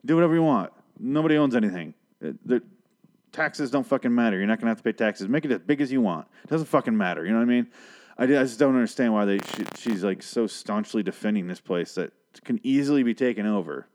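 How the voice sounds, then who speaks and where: Speaking fast, a man with a mid-range, slightly mellow voice and animated inflection hosts a casual show where he recaps a TV episode. He rambles, curses constantly, and breaks off his own sentences mid-thought.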